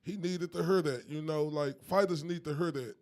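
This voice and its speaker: A man in his thirties co-hosting a podcast outdoors, animated and laughing often, with colloquial speech. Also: on the high side, normal speed, slight background noise. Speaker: podcast co-host. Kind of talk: casual chat. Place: rooftop outdoors in downtown Dallas.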